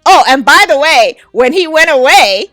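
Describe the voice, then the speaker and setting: A woman's voice: high voice, lively intonation, normal speed, fairly bright tone, no room sound. Woman podcast host, 30s, candid storyteller, dry mic with faint music. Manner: candid, frank, laughs often. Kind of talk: casual storytelling.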